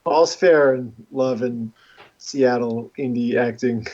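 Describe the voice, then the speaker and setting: A man's voice: mid-range voice, takes it slowly, darkish tone. Self-deprecating male streamer, rambling, muffled mic. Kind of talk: casual livestream chat. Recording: dull lo-fi stream audio.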